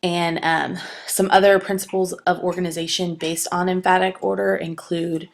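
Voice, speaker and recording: A woman's voice: lowish voice, little pitch movement, normal speed, vocal fry. A woman giving a recorded writing lecture, explaining patiently with some fillers and restarts. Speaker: writing instructor.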